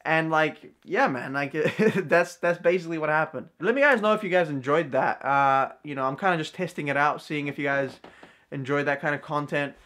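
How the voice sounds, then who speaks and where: A man's voice: fairly high pitch, moderate pace, a bit bright. Brief: young male vlogger, light voice, loose slangy storytelling full of fillers. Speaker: vlogger and card magician. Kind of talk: casual storytelling to camera.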